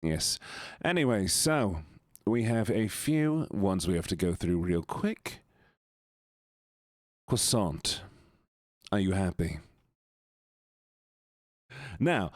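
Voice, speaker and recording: Male streamer, low-ish voice, teasing casual chat, dry close mic. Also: no room sound. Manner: playful, teasing, greets chat by name. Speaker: livestreamer.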